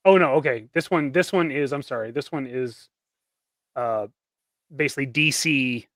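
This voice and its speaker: A man chatting casually on a livestream, relaxed and hesitant, with many ums as he explains ideas. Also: medium pitch, moderate pace, dry recording.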